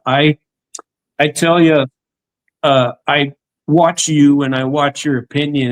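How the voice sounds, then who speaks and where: A middle-aged host talks in a loose, rambling way, restarting his sentences often. His mid-pitched voice sits in a dry, close-miked space. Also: no echo, low-quality recording. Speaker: interview host. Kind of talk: casual conversation.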